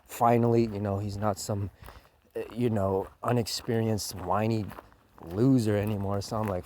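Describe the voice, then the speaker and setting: Man, casual profane reviewer, very lively pitch, mocking and exasperated. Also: moderate pace, slight background noise. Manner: animated, profane, mocking with high put-on quotes. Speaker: show reviewer. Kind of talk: ranting review vlog.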